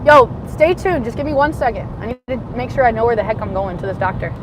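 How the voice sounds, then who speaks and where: A woman livestreaming from her car, ranting passionately, swinging between shouting and muttering. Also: fairly high pitch, lively intonation, fast talker. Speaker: livestreaming vlogger. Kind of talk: rambling livestream rant while driving. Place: in a car in city traffic. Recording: noisy car interior. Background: road and traffic noise.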